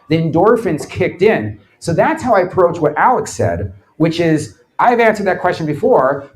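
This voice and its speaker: A man's voice: fairly high pitch, low-quality recording. A man giving a comic live lecture to an audience, telling stories and mimicking the people in them. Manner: animated storyteller, mimics others' voices. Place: bar event space before a live audience.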